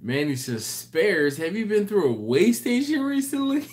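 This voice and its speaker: Tired, slow-talking man hosting a live chat. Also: high-pitched, huge pitch swings, darkish tone. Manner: rambling, self-correcting, apologetic. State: tired, yawning late at night. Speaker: live stream host. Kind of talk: casual live chat reading viewer comments.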